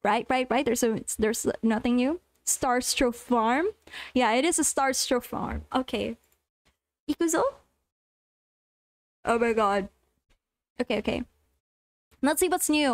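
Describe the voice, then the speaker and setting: A young woman streaming a farming game, chatting casually with her viewers and squealing with excitement. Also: fairly high pitch, measured pace, long pauses, no room sound.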